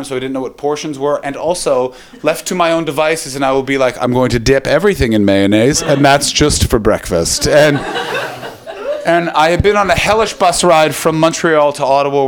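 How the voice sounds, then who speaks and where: A young man performing stand-up comedy, ranting in a profane, animated way. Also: mid-range voice, a little hiss or hum.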